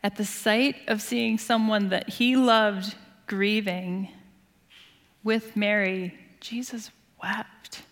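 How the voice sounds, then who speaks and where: A woman's voice: medium pitch, slow. Earnest woman pastor in echoing hall. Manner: earnest, expressive storytelling with soft hushed moments. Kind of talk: sermon. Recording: long hall reverb.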